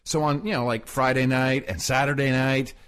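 A podcast co-host with a clear, resonant, fairly bright mid-range voice chats casually at normal speed with fairly even intonation. He rambles and laughs often while telling stories, recording in a rented apartment abroad.

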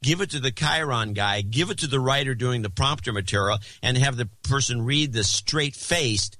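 Man, talk-show co-host, casual chat, rambling, restarts, mid pitch, dry close mic. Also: moderate pace, bright, forceful tone, dry recording. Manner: rambling, frequent restarts and asides. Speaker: podcast co-host.

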